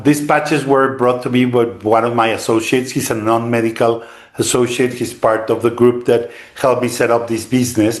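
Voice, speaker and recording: A man from Mexico with a Mexican Spanish accent, a doctor answering interview questions in a polite, measured way. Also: medium pitch, roomy sound. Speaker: guest doctor.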